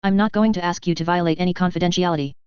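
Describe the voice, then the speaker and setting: Woman voicing an urgent, earnest armored hero man, storybook reading, fast, clear. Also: lowish voice, steady tone, a little mellow, dry recording, highs cut off, lightly acted. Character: grave, earnest male armored hero leader.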